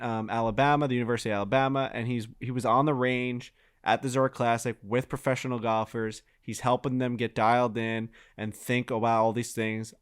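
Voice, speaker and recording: A young man co-hosting a golf podcast, telling stories in an excitable, profane, casual way. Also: medium pitch, smooth. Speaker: podcast co-host.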